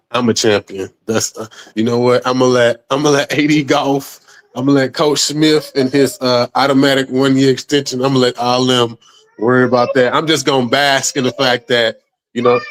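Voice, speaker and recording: A man's voice: medium pitch, poor audio. A man joining a casual sports podcast as a guest, joking and loose, often saying "you know what I'm saying".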